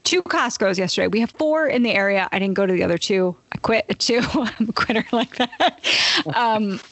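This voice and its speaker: A woman in casual chat, telling a profane, animated story full of laughs. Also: medium pitch, brisk, no room sound.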